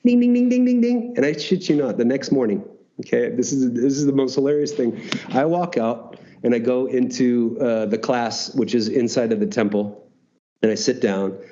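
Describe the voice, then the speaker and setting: A man telling a personal story as an interview guest, animated, swearing now and then and acting out dialogue. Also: mid-range voice, normal speed, muffled recording. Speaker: guest, retreat founder.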